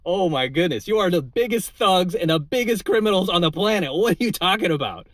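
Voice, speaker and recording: A man hosting his coaching-video channel launches into a casual, indignant political rant to camera, tagging lines with "right?" and filling gaps with "uh" and "like." His voice sits high, with lively intonation and a fairly quick pace, and there's no room sound.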